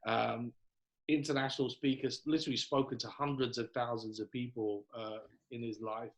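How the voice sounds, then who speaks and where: A man's voice: medium pitch, little pitch movement, normal speed, low-quality recording. A man hosting a live coaching call, talking casually and upbeat with many fillers, on a video call. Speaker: host.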